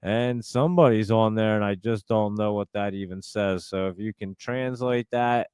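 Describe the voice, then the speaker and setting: A man's voice: fairly low pitch, darkish tone, smooth, no room sound. A man hosting a live stream, chatting casually and rambling as he reads out and answers viewer comments.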